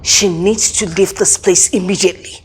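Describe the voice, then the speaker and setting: A woman's voice: lowish voice, fairly even intonation, moderate pace, soft background music, natural voice. An actress playing a proud, domineering mother-in-law in a film, commanding and imperious, with a Nigerian English accent.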